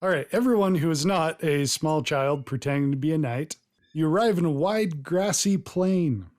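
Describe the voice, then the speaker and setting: A man running a tabletop game as game master, narrating scenes in an unhurried, descriptive way. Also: on the high side, a little mellow.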